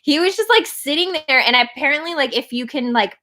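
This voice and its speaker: Bright chatty young woman. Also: high-pitched, animated, a little fast, slight background noise. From Canada. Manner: chatty storyteller, many "like" fillers. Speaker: band member hosting a livestream chat. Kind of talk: casual livestream chat.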